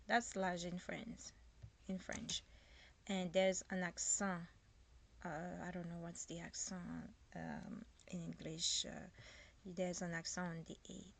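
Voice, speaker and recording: A woman teaching basic phrases in a casual lesson, speaking slowly and hesitantly, with fillers and self-corrections as she writes. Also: lowish voice. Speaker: language teacher. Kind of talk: casual lesson while writing.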